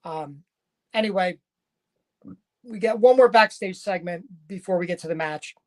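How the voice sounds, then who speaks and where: Chatty woman recapping wrestling, low voice. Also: normal speed, darkish tone. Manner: chatty, rambling, frequent fillers and restarts. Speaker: wrestling show reviewer. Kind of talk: casual recap commentary.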